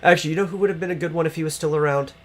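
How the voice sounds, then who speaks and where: A man's voice: on the high side, fairly even intonation, very fast, soft background music. Chatty man rambling on a podcast. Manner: rambling, many fillers and restarts, swears casually. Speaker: podcast co-host. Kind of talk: casual chat about movies.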